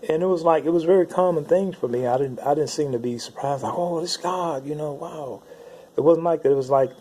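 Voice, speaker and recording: A man's voice: mid-range voice, dark tone, slightly rough. A man recounting a spiritual vision to his viewers in an earnest, rambling monologue that keeps circling back over the same phrases. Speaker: Christian speaker recounting visions. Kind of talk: casual spoken monologue to camera.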